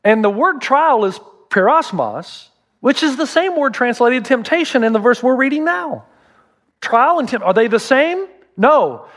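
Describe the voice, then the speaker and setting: Middle-aged pastor guy preaching, pretty high voice, jokey storyteller doing little voices. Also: lively intonation, measured pace, fairly bright tone, long reverb tail. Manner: humorous storyteller who acts out quoted voices. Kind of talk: sermon.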